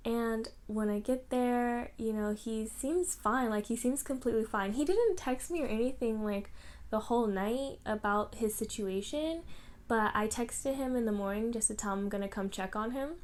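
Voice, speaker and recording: A woman vlogger from Canada telling a personal story in a chatty, animated way, full of "like" and lively quoted dialogue. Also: a little high, normal speed. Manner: chatty, lots of "like", animated when quoting others. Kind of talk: casual storytelling to camera.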